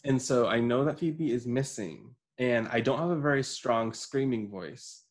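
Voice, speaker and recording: A man co-hosting a podcast, telling a story in casual chat, swearing and breaking into laughter and yells. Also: mid-range voice, normal speed. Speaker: podcast co-host.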